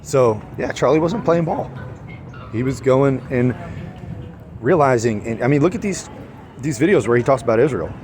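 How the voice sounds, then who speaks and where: A man's voice: medium pitch, animated, moderate pace, pauses often, darkish tone, a little hiss or hum. A man venting in a casual vlog outdoors, heated and rambling, full of restarts and rhetorical questions. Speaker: vlogger.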